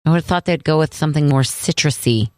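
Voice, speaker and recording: A woman co-hosting a radio show, relaxed and wry in casual banter, often giving short replies. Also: deep voice, fast, no room sound.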